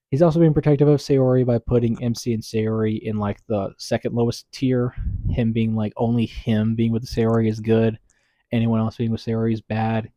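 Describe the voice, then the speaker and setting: A male YouTube commentator talking through a story in a casual, rambling way, full of fillers and restarts. His voice is mellow and dark in tone. It is recorded dry on a close mic with no room sound. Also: mid-range voice, no room sound.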